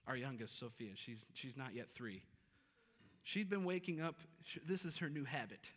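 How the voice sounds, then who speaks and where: Preaching as pastor, a man in his thirties stays earnest and emphatic, leaning on repeated key phrases. His medium-pitched voice is a bit bright and moves at a moderate pace. It's captured in a reverberant church sanctuary.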